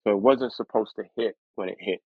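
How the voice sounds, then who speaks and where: A man being interviewed as a guest rapper, telling stories in a lively way and acting out other people's voices as he goes. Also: lowish voice, a little fast, slightly rough, no room sound. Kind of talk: storytelling interview. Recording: dry, tinny phone-like line.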